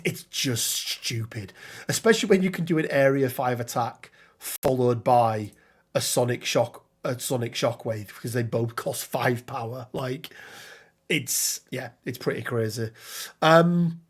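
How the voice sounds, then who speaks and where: A man chats casually about a tabletop miniatures game. His talk is loose and conversational, full of ums and quick restarts, and he reads rules text aloud as he goes. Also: mid-range voice, breathy edge. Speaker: podcast co-host.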